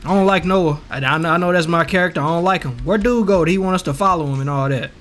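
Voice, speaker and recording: Slangy, excitable young man gaming. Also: on the high side, fast talker. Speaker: gaming YouTuber. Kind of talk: casual gameplay commentary.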